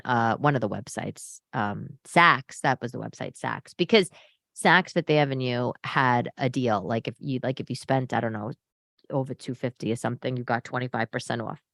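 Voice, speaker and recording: A woman hosting a casual solo podcast, animated and sarcastic as she rants. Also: very deep voice, vocal fry, dry recording, studio quality. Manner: animated, ranting, sarcastic asides. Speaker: podcast host. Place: home living room.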